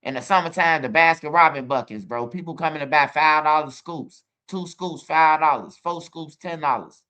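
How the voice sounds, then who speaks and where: A channel host with a Chicago accent tells rambling, profane stories in a casual monologue, stuffing his lines with "bro." His voice is on the high side, pushed and bright at a moderate pace, though the audio sounds dull. He talks straight to his viewers and asks them for comments.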